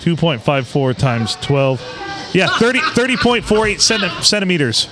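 A man's voice: on the high side, big pitch swings, normal speed, music in the background. A man co-hosting a podcast in casual comedic chat, joking and swearing freely, laughing often. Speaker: podcast co-host. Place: sports bar.

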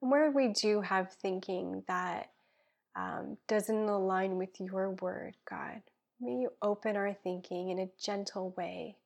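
A woman, a guest and children's pastor, praying aloud and speaking from the heart in an earnest, soft-spoken way that drifts into whispers. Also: mid-range voice, takes it slowly, vocal fry, lo-fi sound. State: tearful and emotional. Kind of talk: spoken prayer and heartfelt chat.

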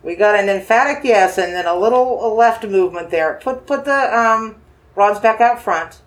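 In a mid-range voice, a paranormal investigator holding dowsing rods speaks gently to a spirit. The tone is coaxing and reassuring, with repeated phrases and slow yes-or-no questions.

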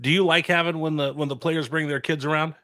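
A man's voice: fairly high pitch, fairly even intonation, fast, a bit bright, dry recording, clean studio sound. Man asking easygoing questions. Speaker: podcast host. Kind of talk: casual interview questions.

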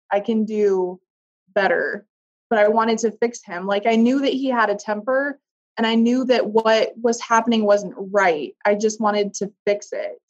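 A woman, a guest in a conversation, telling a personal story haltingly, with restarts and soft trailing pauses. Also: mid-range voice, lo-fi sound.

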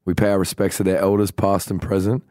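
A man's voice: deep voice, flat delivery, quick pace, a little mellow, dry recording, clean studio sound. A man co-hosting a podcast, chatting casually with joking, self-mocking banter. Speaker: podcast co-host. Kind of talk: casual chat.

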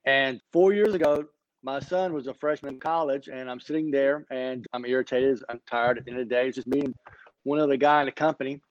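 A man's voice: medium pitch, steady tone, a little fast, no echo, lo-fi sound. A man in his fifties, a company founder, telling his story with energy in an online podcast interview. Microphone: remote online call.

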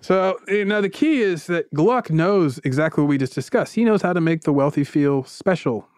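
A man's voice: on the high side, normal speed, smooth, no echo, studio quality. A man hosting a podcast, telling a story in a casual, comedic way and acting out quotes. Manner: animated, acts out quotes.

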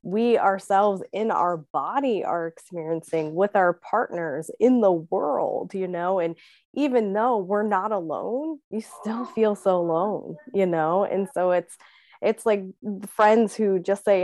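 A woman's voice: medium pitch, slow, a little mellow, dry recording, clean studio sound. A woman in a heartfelt casual conversation who rambles with lots of "you know" fillers. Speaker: podcast guest sharing a miscarriage experience.

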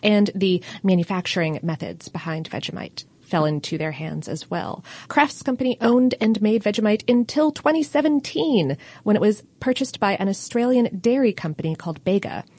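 A woman's voice: mid-range voice, lively intonation, moderate pace, few pauses, darkish tone, no room sound. Woman, podcast co-host, mid-range voice, dry teasing humor, casual chat.

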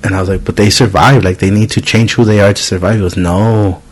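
A man's voice: on the low side, fairly even intonation, fairly quick, slightly rough, poor audio. A man in his thirties hosting a podcast, telling a story in casual chat, swearing freely and acting out the people he quotes. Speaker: podcast host.

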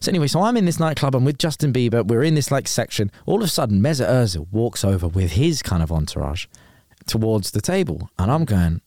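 Brief: guy, thirties, lively anecdote-teller, mid pitch, dry close mic. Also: quick pace, no echo. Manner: animated anecdote-telling, lots of restarts and quoted lines. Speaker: guest, radio presenter. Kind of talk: casual storytelling chat.

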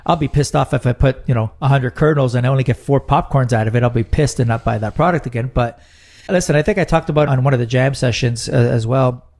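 A man's voice: medium pitch, quick pace, darkish tone. Rambling joking middle-aged man. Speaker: podcast co-host. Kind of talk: casual chat.

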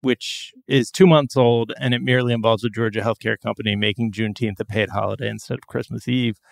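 A man's voice: fairly low pitch, steady tone, fast, creaky, no echo, studio quality. Wry man hosting a podcast. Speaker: podcast host. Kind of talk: casual comedic chat.

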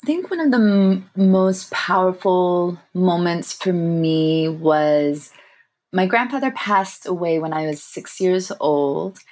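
Young adult woman, interview guest; slightly low pitch, thoughtful and warm, halting storytelling. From grew up in England, family from Sri Lanka. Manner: thoughtful, warm, laughs softly, frequent fillers. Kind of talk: reflective personal storytelling.

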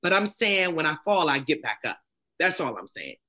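A middle-aged woman, a life coach and motivational speaker, telling her own story as a guest, blunt and emphatic in a candid, animated way. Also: low-pitched, normal speed. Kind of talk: candid personal storytelling in conversation. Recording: tinny phone-like sound.

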